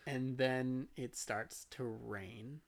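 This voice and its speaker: A woman's voice: rumbling low, fairly even intonation, drawn-out words. A young woman co-hosting a casual podcast, gushing earnestly about an anime and swearing casually. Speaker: podcast co-host. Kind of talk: casual chat recapping an anime.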